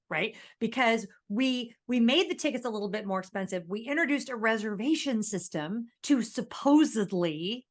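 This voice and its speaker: A woman co-hosting a casual podcast, speaking with lively, ranting energy. Her talk is animated, and she laughs often as she makes her points. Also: mid-range voice. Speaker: podcast co-host.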